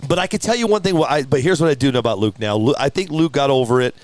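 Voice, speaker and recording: A man hosting a live show, telling an animated story, laughing and acting out other people's lines. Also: rapid-fire, no room sound. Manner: laughing, acts out others' lines in high voices. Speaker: show host. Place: hobby shop studio.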